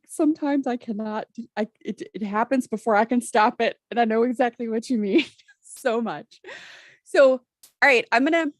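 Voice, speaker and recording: A woman's voice: fairly high pitch, moderate pace, dry recording. A woman hosting a panel discussion, speaking emphatically and directly.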